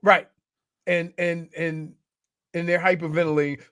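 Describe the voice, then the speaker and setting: High-voiced wisecracking man on radio. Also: level tone, unhurried, a bit bright, clean tone, dry recording, clean studio sound. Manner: wisecracking, stumbling restarts. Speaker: sports radio co-host. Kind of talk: casual sports radio chat.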